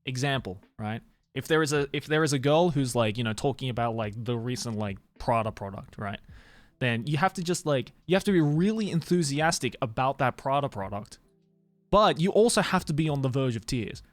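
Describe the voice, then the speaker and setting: Animated male streamer chatting. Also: medium pitch, a little fast, no echo. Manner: animated, laughs often, casual swearing, heavy "like" fillers. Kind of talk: casual live-stream chat. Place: home streaming room, Tokyo.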